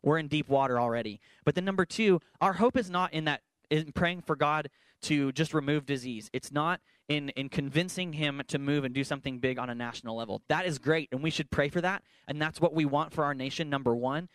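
A man's voice: fairly high pitch, a little fast, a bit bright, clear, resonant tone, no echo. Earnest emphatic man in dry church recording. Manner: earnest, emphatic, with playful asides. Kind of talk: sermon-style church talk. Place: church worship center.

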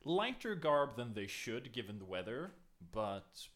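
A man narrating an improvised scene at a tabletop game, halting and searching for words. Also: mid-range voice, sing-song, fairly bright tone.

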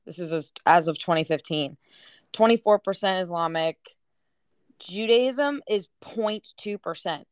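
Young female co-host, smooth clear voice, dry close sound, blunt and direct. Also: lowish voice, no echo. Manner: blunt, quick to disagree. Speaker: podcast co-host. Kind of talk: casual chat.

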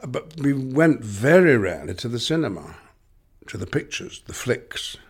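An older man from Lancashire with a Lancashire accent, a guest giving reflective interview answers, musing and halting with many restarts. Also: mid-range voice, very animated, slightly rough. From Lancashire, England.

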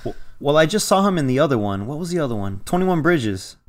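A man's voice: fairly high pitch, very animated, fast talker. A man co-hosting a casual movie review podcast, giving his opinions in an easygoing, rambling way. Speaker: podcast co-host.

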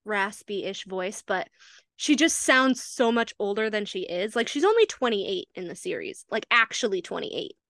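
A young woman co-hosting a podcast in casual chat, animated, swearing freely and mimicking lines in quoted voices. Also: mid-range voice, moderate pace, no echo, studio quality. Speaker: podcast co-host.

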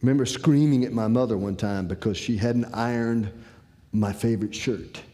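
A man's voice: mid-range voice, normal speed, mellow, big-room sound. A man telling a personal story to an audience in a folksy, conversational way. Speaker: speaker.

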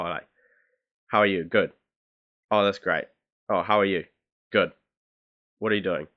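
A young man, hosting a casual solo podcast and rambling through his thoughts with many fillers and restarts. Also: low voice. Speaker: podcast host. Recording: dull lo-fi recording.

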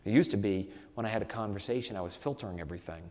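A man, an author being interviewed, telling animated anecdotes with lots of "you know" fillers. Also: on the low side, rapid-fire, in a large hall. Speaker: author guest. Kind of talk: conversational storytelling.

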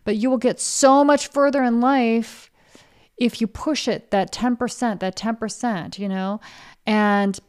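A woman's voice: medium pitch, darkish tone, clean tone. Blunt, frank woman giving motivational talk. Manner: blunt and frank, swears freely; acts out her listeners' inner voice. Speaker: podcast host and coach for artists.

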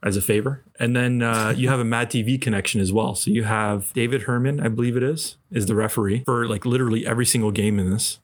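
A man's voice: medium pitch, fairly even intonation, quick pace, few pauses. A man, co-hosting a podcast, telling rambling stories with lots of fillers. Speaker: podcast co-host. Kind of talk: casual chat.

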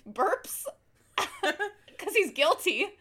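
A woman's voice: very high voice, drawn-out words. A woman co-hosting a casual chat, animatedly recapping a show and acting out quotes. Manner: animated storyteller, acts out quotes, laughs often. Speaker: podcast co-host.

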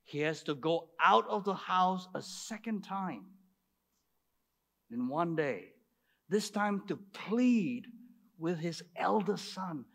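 A man's voice: high-pitched, lively intonation, slow, creaky, a bit bright. A man preaching a sermon, retelling a story with emphatic rhetorical asides to his congregation.

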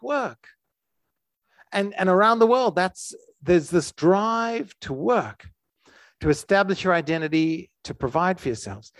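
A man's voice: high-pitched, no room sound. A man preaching a conversational sermon in an earnest way, often restarting his sentences. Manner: earnest, with frequent restarts and fillers.

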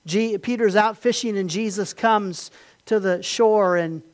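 A man preaching a sermon, building to emphatic peaks and then dropping to quiet retelling. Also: high voice, a little slow. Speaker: pastor.

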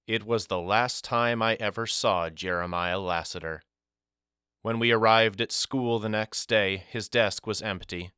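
A man reading a novel aloud as a narrator, in a measured, reflective storytelling manner. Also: fairly low pitch, sharp tone, smooth, no echo, clean studio sound. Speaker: audiobook narrator. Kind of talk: scripted first-person narration.

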